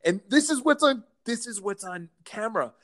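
A man, a real estate firm founder, telling animated anecdotes as a guest in a casual interview. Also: high voice, moderate pace. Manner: animated anecdotes, playful mimicking of others.

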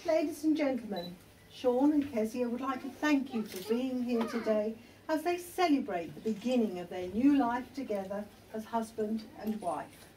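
A woman registrar leading a wedding ceremony in a measured, formal manner. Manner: measured, formal, lively pitch. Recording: distant mic with background noise.

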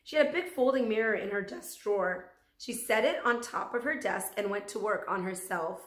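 A woman teacher reads a chapter book aloud to her students in a steady, middle-pitched voice. The recording carries a roomy echo, and she ends with a gentle good night. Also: moderate pace. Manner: gentle, warm sign-off. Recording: echoey room.

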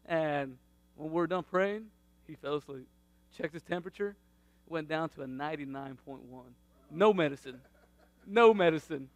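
A man, around his thirties, sharing a faith testimony about his family in a casual, animated way, laughing often and acting out what people said. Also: a little high, moderate pace, no echo.

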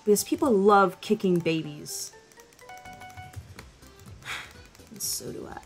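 A young woman giving casual, joking commentary while playing a video game, sarcastic and quick to laugh and cry out. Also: medium pitch. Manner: playful, sarcastic, laughs often, loud outbursts. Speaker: gamer.

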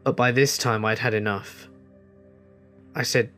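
A man narrates a first-person horror tale at a mid pitch, keeping a measured, tense delivery. Faint music plays under his voice throughout. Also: steady tone, fairly bright tone. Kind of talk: scripted horror story narration.

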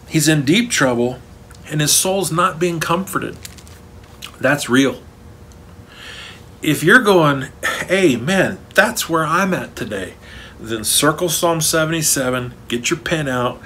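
A man's voice: mid-range voice, a bit bright, a little hiss or hum. A man preaching a sermon as pastor, earnest and rising to emphatic stresses, recorded for an online church service.

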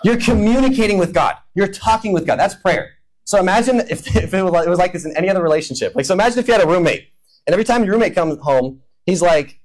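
A man's voice: high-pitched, animated, quick pace, low-quality recording. A man preaching a humorous sermon, acting out imagined prayers and conversations in playful voices. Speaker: pastor. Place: church hall.

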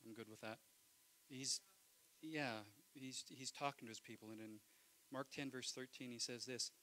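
A man, a pastor, preaching a sermon in church, swinging between loud impassioned lines and quiet asides. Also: mid-range voice, fairly even intonation, normal speed, low-quality recording.

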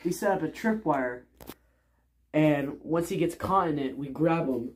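A man's voice: a little high, natural voice. A young man voicing an eager, nerdy plush henchman engineer who rambles and repeats himself in an amateur plush show. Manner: rambling, repeats words, rushed. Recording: noisy home recording.

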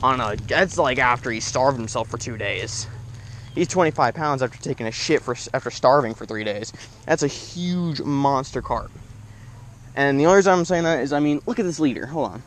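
A young man filming his own fishing trip at a lake shore, talking in an excitable, rambling way and swearing when frustrated. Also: medium pitch, normal speed, slight background noise. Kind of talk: casual outdoor fishing vlog.

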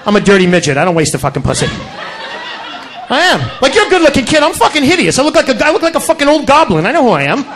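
A man's voice: very high voice, sing-song, quick pace. A male stand-up comedian from Connecticut, doing a crude, brash, profane routine on a comedy club stage.

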